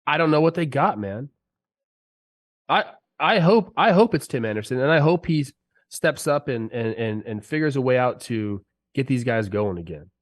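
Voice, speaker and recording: A man's voice: mid-range voice, animated. A man co-hosting a sports podcast, a former player talking casually and ranting with heat while sick with a cold. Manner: fired-up, ranting, drawn-out "dude" and "bro". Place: podcast studio.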